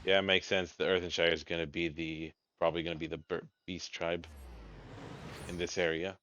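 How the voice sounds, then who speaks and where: A man's voice: deep voice, little pitch movement, fairly quick, sharp tone, highs cut off, slight background noise. A man hosting a let's play, chatting casually and thinking aloud as he plays. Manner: thinks aloud, self-correcting. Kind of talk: casual game commentary.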